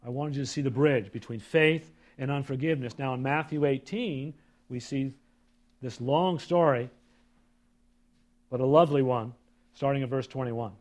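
Reading scripture during his sermon, the pastor breaks off now and then for quiet asides to the congregation, his volume swinging between loud emphasis and low murmurs. His pace is moderate, and he pauses often.

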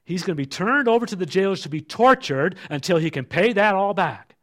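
Man, middle-aged, pastor, sermon, scripture reading, emphatic, soft low asides. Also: lively intonation, brisk.

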